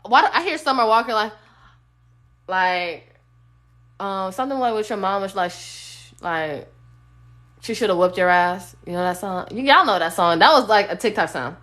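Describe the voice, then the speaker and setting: A woman's voice: medium pitch, animated, moderate pace, a bit bright. A woman giving a casual, blunt tarot reading on a phone live stream, sometimes singing bits of songs. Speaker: tarot reader.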